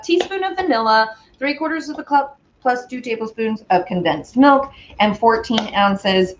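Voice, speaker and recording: A woman's voice: a little high, highs cut off, noisy background. A woman hosting a casual baking stream from a home kitchen, chatting with viewers as she mixes. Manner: chatty, rambling, talks to viewers and pets. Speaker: baking show host. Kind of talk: casual livestream chat while baking.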